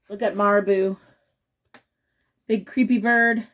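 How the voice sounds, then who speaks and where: A woman's voice: mid-range voice, expressive, slow pace, creaky. A woman reading a picture book aloud to children, chatting and asking them questions along the way. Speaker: children's story reader.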